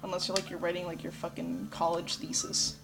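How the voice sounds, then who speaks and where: A woman's voice: fairly low pitch, little pitch movement, a little fast, gravelly, over music. A woman giving casual, rambling let's play commentary, swearing a lot. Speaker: gameplay commentator.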